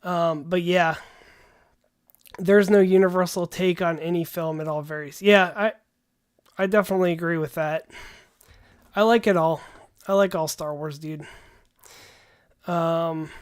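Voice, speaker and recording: A man with a smooth, high-pitched voice hosts a livestream, talking in a laid-back, rambling way. He calls people "dude" often.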